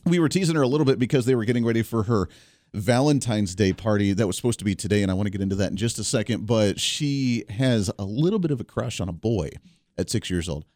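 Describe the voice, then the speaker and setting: Fairly low in pitch, fast and darkish, his voice carries no room sound. The speaker is a Kansas man in his thirties hosting talk radio, opinionated, upbeat and chatty as he addresses listeners directly. An energetic monologue, it was recorded on a studio microphone in a dry studio with faint music.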